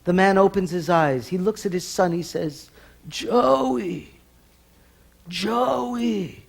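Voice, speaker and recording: A man's voice: high voice, normal speed. A man performing live stage comedy in a TV studio, telling jokes with careful punchline timing.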